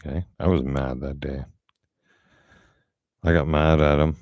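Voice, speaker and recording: A man's voice: extremely low pitch, steady tone, measured pace, no room sound, muffled recording. A middle-aged man talking bluntly and profanely in a casual monologue. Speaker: vlogger.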